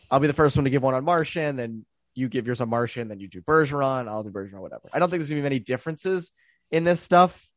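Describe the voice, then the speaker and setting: Young man, podcast co-host, casual sports chat, rambling with fillers, mid-pitched voice, dry close sound. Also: no room sound. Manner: loose and rambling, many fillers.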